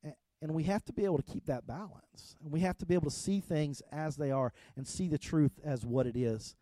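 A middle-aged man, a pastor, preaching a conversational sermon that restarts words often and swings between soft and loud. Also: on the high side, brisk, no room sound. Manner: conversational preaching with repeated starts and swings in loudness.

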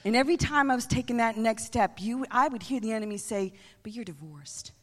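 A middle-aged woman giving a preached testimony, animated, moving between emphatic lines and hushed ones. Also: fairly high pitch, fast. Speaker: church staff member giving testimony. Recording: long reverb of a large hall.

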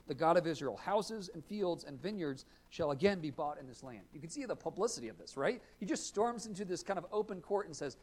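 A male pastor preaching a sermon, earnest and explanatory, rising to loud emphatic readings of scripture. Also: on the high side, animated, fairly quick, hardly any pauses, breathy edge.

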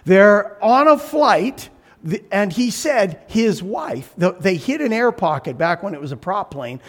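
A man preaching a sermon as pastor, animated, acting out voices and shouting for emphasis. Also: sits high, measured pace.

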